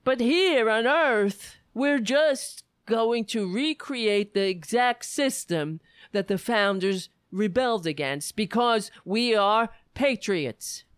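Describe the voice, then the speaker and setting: A woman's voice: a little high, lively intonation, slow, smooth, dry recording, studio quality. A woman comedian giving sarcastic, mocking commentary.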